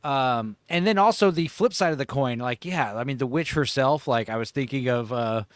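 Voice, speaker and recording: A man's voice: medium pitch, normal speed, no echo. A man hosting a casual horror movie panel, rambling with many fillers and acting out lines from scenes. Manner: rambling, many fillers and restarts, acts out quotes. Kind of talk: casual live-stream panel chat.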